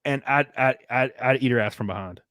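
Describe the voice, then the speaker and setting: A man's voice: medium pitch, fairly quick, heavy background noise. A young man hosting a podcast, talking crudely in a casual, rambling way with many restarts. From American South. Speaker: podcast host. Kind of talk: casual chat.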